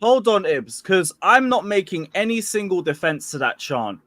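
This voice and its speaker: A man on a stream panel, calmly pushing back on a point. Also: sits high, normal speed, no room sound. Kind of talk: livestream discussion.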